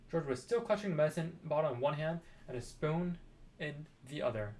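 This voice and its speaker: A man reading a children's book aloud, expressive with dramatic pauses. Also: on the high side. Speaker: storybook reader.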